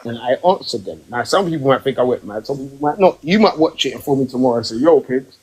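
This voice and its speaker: A man hosting a podcast live stream from home, ranting emphatically in casual chat and rising in pitch when worked up. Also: animated, fast talker, darkish tone, slightly rough, low-quality recording. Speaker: podcast host. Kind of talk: heated casual rant.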